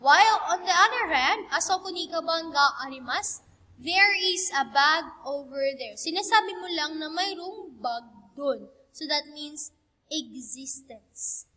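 A woman's voice: sits high, animated, a little slow, bright, forceful tone, big-room sound. A woman with a Filipino accent teaching an online grammar lesson, patiently checking in with "okay?" and repeating the examples. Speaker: Japanese language teacher.

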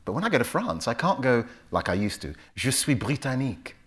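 A man's voice: mid-range voice, fast talker. A man in his fifties with a London accent, telling stories to an audience at a club event and acting out the voices in them. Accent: London English. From England. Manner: animated storyteller, acts out voices in dialogue. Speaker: author giving a talk. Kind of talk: storytelling speech to an audience.

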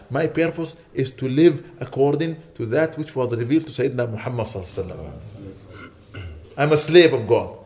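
A man giving a mosque lecture as a sheikh, preaching with fervent emphasis that softens into quiet prayer. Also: mid-range voice, a little fast.

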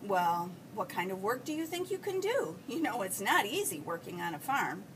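A woman's voice: mid-range voice, big pitch swings, normal speed, fairly bright tone, voice pushed down. A woman voicing a friendly, good-humored older male farmer in a read-aloud storybook, speaking in a patient, folksy way with a chuckle close by. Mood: kindly. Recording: distant mic, faint background hiss.

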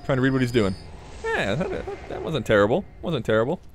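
A man's voice: mid-range voice, huge pitch swings, brisk, slight background noise. A man commentating his own gameplay in a playful, casual way, chatting to the enemies and swearing now and then. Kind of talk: let's play commentary.

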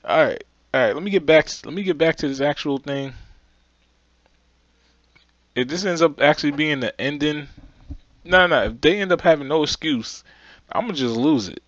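A man's voice: a little high, normal speed, pauses often, fairly bright tone, no echo, dull audio. A young man ranting animatedly in a reaction video, exasperated and repeating himself for emphasis.

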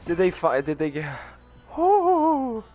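A young man gamer reacting live to a crate opening, ecstatic and shaky, shouting at times and close to tears. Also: medium pitch, animated, takes it slowly, vocal fry, soft background music.

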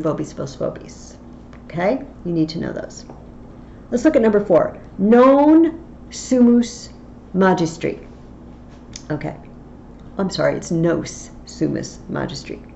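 A woman's voice: mid-range voice, mellow, a little hiss or hum. A woman teaching a Latin lesson online, explaining patiently step by step. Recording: slightly dull lo-fi audio with faint ambience.

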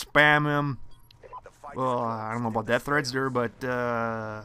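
A young man commenting on his own online shooter match, muttering to himself one moment and yelling curses the next. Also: mid-range voice, fairly even intonation, slow. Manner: swings from muttering to loud swearing rants. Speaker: gaming commentator. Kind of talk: live gameplay commentary.

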